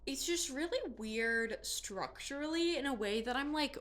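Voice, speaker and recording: Bright-voiced chatty young woman. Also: sits high, normal speed, hardly any pauses. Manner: chatty and animated, full of "like" and "um". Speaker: book reviewer. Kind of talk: casual monthly reading wrap-up.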